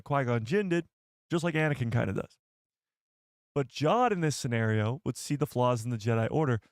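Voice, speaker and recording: A young man chats his way through a live stream, reading out viewer comments and laughing at his own slips. His voice sits at an ordinary middle pitch, and the sound is dry and close to the mic. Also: no room sound. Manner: chatty, reads viewer comments aloud, laughs at himself. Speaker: livestream host. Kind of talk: casual live chat.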